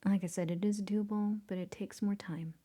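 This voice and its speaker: In this laid-back screen-recorded tutorial, a woman with a medium-pitched, warm voice guides viewers through photo editing at a moderate pace and with fairly even intonation. She pokes fun at herself, laughs at her own mistakes, and often slips into a whisper as she works.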